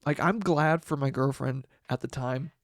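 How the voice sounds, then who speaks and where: A young man hosting a podcast, telling a personal story in a halting way, with many restarts and laughs through the sad parts. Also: mid-range voice, no echo, studio quality. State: tearful. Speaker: podcast host. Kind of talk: casual storytelling monologue.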